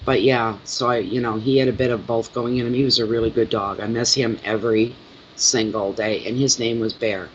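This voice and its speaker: A middle-aged man chatting with his viewers from home, telling stories in a lively, rambling way. His pitch sits in a middle range. The recording is a little dull and muffled, with faint noise underneath. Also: a little fast. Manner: chatty, animated storytelling. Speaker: tarot reader and channel host. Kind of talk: casual chat with viewers.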